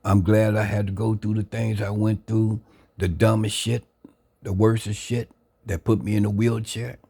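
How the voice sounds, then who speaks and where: Low, gravelly man telling his story. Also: level tone, warm tone. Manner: earnest, reflective, drawn-out. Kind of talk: personal testimony, casual talk. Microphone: phone camera.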